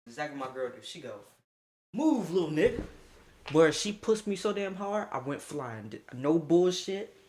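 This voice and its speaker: A young man tells a story on a live stream from his phone, his voice sitting a little high. He talks casually and swears freely. He acts out what everyone said. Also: fairly quick. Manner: animated, profane, acts out what people said. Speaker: livestreamer telling a story.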